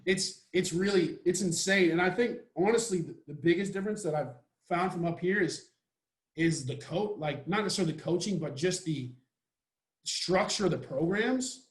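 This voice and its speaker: A man's voice: sits high, moderate pace, roomy sound. A young man from Texas, a college football player, talking casually and jokingly as a podcast guest. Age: young adult. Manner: laid-back, rambling, joking.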